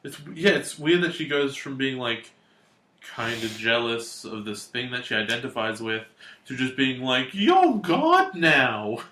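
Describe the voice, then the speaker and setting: A podcast co-host chatting casually, giving sharp, opinionated commentary on a cartoon. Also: mid-range voice, moderate pace, reverberant. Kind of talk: casual chat.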